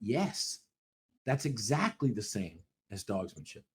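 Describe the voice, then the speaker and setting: A man co-hosting a podcast about dog training, talking in animated, casual chat with a lot of swearing and quick acted-out voices. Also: lowish voice.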